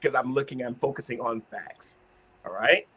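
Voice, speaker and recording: A man's voice: mid-range voice, moderate pace, bright, forceful tone, husky. Earnest man hosting a discussion. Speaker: host. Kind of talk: casual group discussion, teaching.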